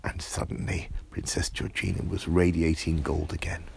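A man telling an improvised bedtime story in a soft voice that often drops to a whisper. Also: low-pitched, flat delivery, normal speed, creaky.

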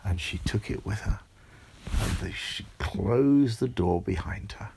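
A man telling a bedtime story in a soft, hushed, often whispered voice. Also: fairly low pitch, expressive, a little slow, creaky.

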